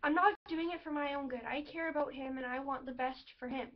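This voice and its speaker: A woman's voice: sits high, fairly even intonation, brisk. A young woman telling a personal story to her viewers in a rambling, emotional way, with many fillers. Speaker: vlogger. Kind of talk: personal vlog talking to camera. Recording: dull lo-fi webcam audio.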